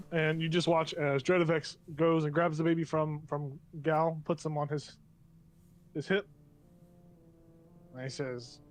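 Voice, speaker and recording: A man running a tabletop game as game master, describing scenes in a loose, meandering way. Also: a little high.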